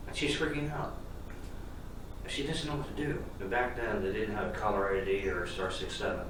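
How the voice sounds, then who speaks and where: Man telling a joke story from afar. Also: mid-range voice. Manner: playful, loud voiced quotes. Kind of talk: casual storytelling. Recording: echoey room, distant mic, noise.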